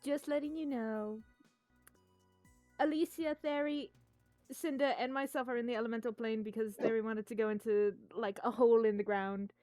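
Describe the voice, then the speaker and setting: A woman's voice: a little high, fairly even intonation, moderate pace, a little mellow, dry recording, faint music behind. A woman player chatting casually and giggling while retelling her game.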